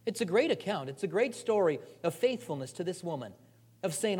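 High-voiced man preaching in a casual storytelling way. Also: fairly quick, husky. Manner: animated, jokey, acts out the characters' lines; frequent repeated "and, and" restarts. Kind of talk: conversational sermon storytelling.

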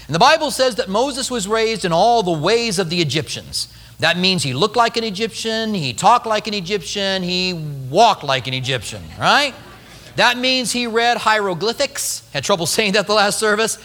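A male pastor preaching a sermon, telling a story with lively acted-out quotes. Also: high voice, moderate pace, in a large hall.

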